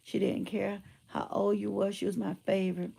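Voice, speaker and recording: A middle-aged woman, telling stories and giving emphatic, animated commentary. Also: mid-range voice, moderate pace, creaky, slightly rough. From Georgia, US. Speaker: motivational speaker and teacher. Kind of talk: casual commentary with storytelling.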